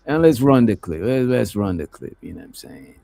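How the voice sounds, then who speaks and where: A man with a lowish, gravelly, dark voice speaks fairly quickly in a sing-song way, with no echo. He's hosting a livestream and giving casual commentary, rambling loosely with lots of filler and frequent "you know what I'm saying."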